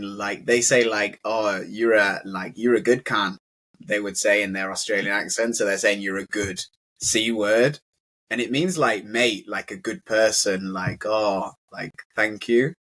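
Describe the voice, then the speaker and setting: A young man talks through an English lesson in a loose, friendly way. His voice sits on the low side, and he keeps filling his sentences with "like". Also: bright, forceful tone. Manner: chatty, fills speech with "like". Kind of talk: casual conversational teaching.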